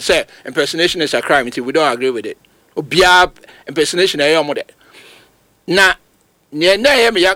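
This is a Ghanaian-accented football pundit on a radio talk show, mixing Twi with English in emphatic, animated commentary. His voice shoots up high whenever he presses a point, and the recording is dry.

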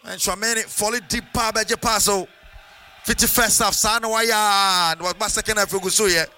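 A man with a Ghanaian accent calling a football match live on radio, in a sing-song, excitable delivery that mixes English with Twi. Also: sits high, normal speed, slight background noise. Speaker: play-by-play commentator.

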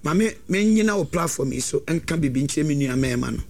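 Animated man giving preachy advice. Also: on the high side, fast talker, gravelly. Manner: animated, preachy, sometimes shouting. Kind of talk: lively advice talk.

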